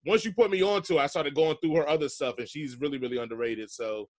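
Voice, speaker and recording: A man hosting a casual music chat, relaxed and slangy, laughing often. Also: on the high side, fast talker. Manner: laid-back slangy talk, laughs often. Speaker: podcast host.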